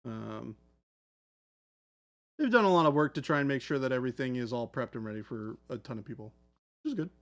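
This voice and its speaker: A man's voice: medium pitch, animated, fairly quick, long pauses, roomy sound. A man hosting a live hobby stream, chatting casually and joking with the chat. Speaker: livestream host. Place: hobby studio.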